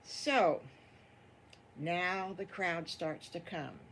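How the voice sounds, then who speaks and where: Older woman, improvised children's storyteller, folksy and rambling, lower voice. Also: drawn-out words, a bit bright, a little hiss or hum.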